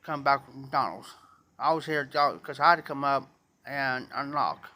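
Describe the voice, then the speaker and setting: A man's voice: medium pitch, moderate pace, bright, forceful tone. A man telling a rambling, repetitive story to viewers in a casual live stream. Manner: rambling, repeats himself, talks straight to viewers.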